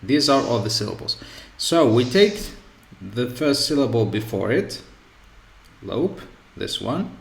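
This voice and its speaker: Slow, deliberate male English teacher. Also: mid-range voice, big pitch swings, vocal fry. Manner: slow and repetitive, often says "okay" and "so". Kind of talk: slow explanatory lesson. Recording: echoey room with faint ambient noise.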